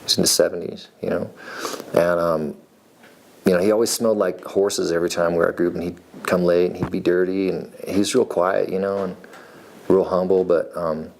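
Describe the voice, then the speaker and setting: A man in his forties from Nevada, with a deep voice that has a gravelly fry to it. He tells his life story in a relaxed, meandering way. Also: moderate pace, a little hiss or hum. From Nevada, USA. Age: 40s. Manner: rambling, laid-back, meandering. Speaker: reality show applicant, farrier. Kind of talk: casual personal storytelling.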